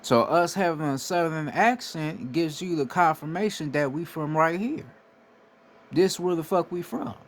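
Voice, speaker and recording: Slightly high-voiced and a bit slow, this American spiritual commentator delivers an emphatic, casual monologue. Swearing comes freely, and he keeps tossing in "right?" to press his points.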